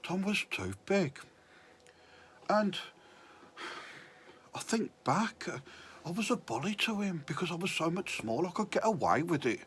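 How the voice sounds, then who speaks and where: A man's voice: high voice, very animated, measured pace, pauses often, a bit bright, slight background noise. Rambling man telling a story. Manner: rambling, self-mocking. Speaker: comedian. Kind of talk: confessional storytelling.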